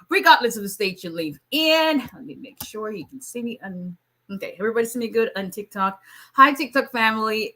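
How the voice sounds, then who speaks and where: A woman's voice: medium pitch, bright, forceful tone. A woman, an immigration attorney casually chatting and joking with viewers on a live stream, laughing often and teasing.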